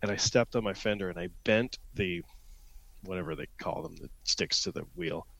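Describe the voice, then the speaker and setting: A man's voice: low-pitched, moderate pace, creaky, fairly bright tone, dry recording. A man from Ontario, Canada, a podcast guest chatting casually and telling self-mocking stories over a remote call. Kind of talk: casual chat.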